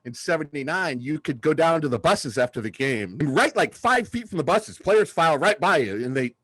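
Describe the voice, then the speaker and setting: A man in his fifties from southern California co-hosts a casual sports podcast, spinning stories with excitement. His voice sits a little high, and the recording is dry and close. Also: brisk, no room sound. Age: 50s. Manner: excitable storyteller, acts out quotes loudly. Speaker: podcast co-host.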